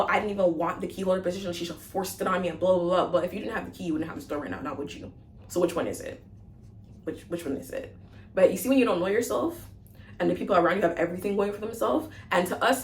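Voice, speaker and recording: A young woman, a vlogger and former retail manager, telling a blunt, animated storytime rant to camera. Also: lowish voice, reverberant. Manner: fast, animated, blunt, switches into mocking quoted voices.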